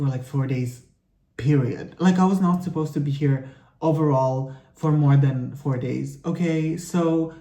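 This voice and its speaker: A young man vents to the camera while he gets ready, sassy, profane and rambling, with filler "like"s everywhere. His voice sits mellow and soft-edged, and he sounds tired and a bit sick. The room around him is bare and echoey. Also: on the high side. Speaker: vlogger. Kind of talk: get-ready-with-me rant.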